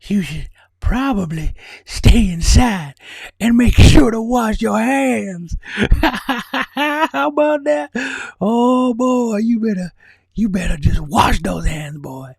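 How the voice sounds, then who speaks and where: A man on a livestream voicing a creepy, wizened little alien sage with a husky, croaking voice. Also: high-pitched, expressive, no echo, clean studio sound, voice pushed up, heavily acted. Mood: creepy teasing. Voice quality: gravelly, husky, slow croak.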